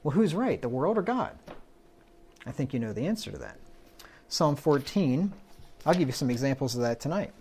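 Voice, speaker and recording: A man's voice: fairly high pitch, very animated, moderate pace, long pauses, a little mellow, slight background noise. A man preaching a conversational Bible-study sermon, often asking his listeners "right?" and reading verses aloud. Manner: conversational, quotes scripture, asks the room "right?".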